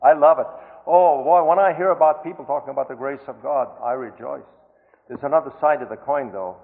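A man preaching a sermon with fervent emphasis, mixing scripture with a family story and rising to loud exclamations on key words. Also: mid-range voice, a little fast, creaky. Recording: tinny phone-like sound in a reverberant hall.

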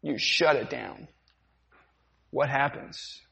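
A man's voice: medium pitch, takes it slowly, creaky, bright, forceful tone. A man preaching a sermon, asking rhetorical questions and repeating them for effect. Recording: dull sound, long hall reverb.

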